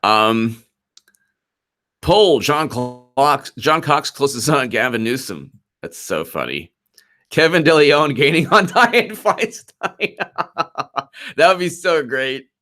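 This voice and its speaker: A man's voice: mid-range voice, expressive, slow, long pauses, sharp tone. A man hosting a political livestream, reacting to polls and chat with frequent giggles and mockery. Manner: giggly and mocking, often laughing. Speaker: political commentary livestream host. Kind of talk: live commentary, reading chat.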